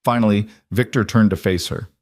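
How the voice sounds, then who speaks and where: Low-voiced male story narrator. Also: no room sound, studio quality. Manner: even, measured storytelling. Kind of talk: scripted audiobook narration.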